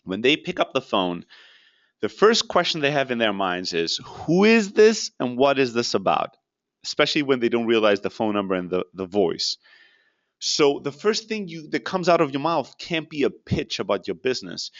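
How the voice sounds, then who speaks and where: Blunt animated man coaching sales. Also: medium pitch, normal speed, muffled recording. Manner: blunt, animated, swears casually. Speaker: sales coach answering questions. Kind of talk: live Q&A teaching, casual.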